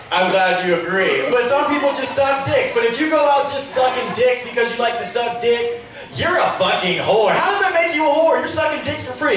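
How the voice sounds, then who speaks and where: A man's voice: extremely high pitch, expressive, normal speed, over music. A man doing a crude, rambling, profane stand-up comedy set. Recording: echoey room, mic far off.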